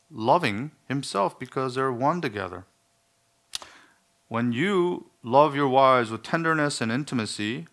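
A male pastor delivers a sermon in a mid-pitched voice. He is earnest and emphatic. He drops in wry, self-deprecating asides. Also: fairly bright tone.

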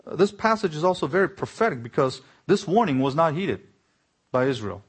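A man's voice: a little high, very animated, fairly quick, slightly rough. A man preaching an earnest sermon as a pastor, building to pointed exclamations.

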